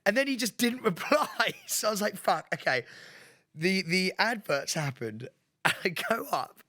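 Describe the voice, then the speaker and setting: A high-voiced man co-hosting a casual podcast. He is an animated storyteller who laughs often and acts out the quotes. His tone is bright and forceful. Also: normal speed, dry recording, clean studio sound. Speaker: podcast co-host.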